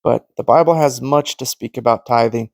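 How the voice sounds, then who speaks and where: Speaking with a creaky, slightly mellow voice at medium pitch, this Christian teacher moves at a moderate pace through an earnest, informal sermon. He tells stories and performs the quoted conversations as he goes, and the recording has no echo.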